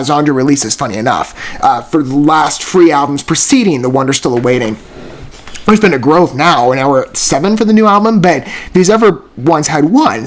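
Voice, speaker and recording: A man hosting a music reaction channel, reviewing a song in an effusive, rambling way, often correcting himself mid-sentence. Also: on the high side. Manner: effusive, rambling, self-correcting, frequent gushing exclamations. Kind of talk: casual spoken music review.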